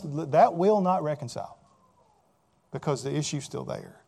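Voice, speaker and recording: Conversational male preacher, slightly high voice. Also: lively intonation, moderate pace, gravelly, darkish tone. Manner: conversational preaching with rhetorical questions and repeated words. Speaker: pastor. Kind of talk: sermon.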